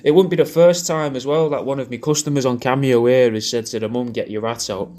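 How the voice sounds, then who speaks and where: Rambling bloke with crude jokes. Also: male voice, medium pitch, fairly even intonation, fairly quick, darkish tone, a little hiss or hum. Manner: rambling, crude, jokey, repeats himself. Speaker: comedian recording a personalised video message. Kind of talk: rambling crude birthday shout-out.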